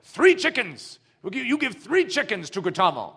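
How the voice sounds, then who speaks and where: A man's voice: high voice, big pitch swings, normal speed, fairly bright tone, husky, voice pushed up, heavily acted. A man voicing a tribal chief who speaks formally and apologetically while presiding over a dispute in a story. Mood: placating. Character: male tribal chief, conciliatory, official.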